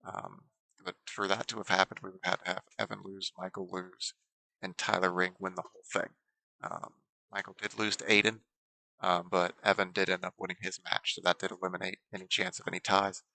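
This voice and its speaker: A man calls a bowling tournament for a livestream, his voice very bright and edged with gravelly fry. He walks through scores and standings in a steady, explanatory way, filling pauses with ums. The sound is dry and close. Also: on the low side, no room sound, rough recording. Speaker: bowling commentator. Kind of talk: play-by-play sports commentary.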